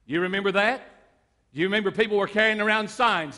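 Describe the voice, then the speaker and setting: A man preaching a sermon as pastor, moving between loud declarations and quiet stories. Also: high-pitched, quick pace, in a large hall. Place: church sanctuary.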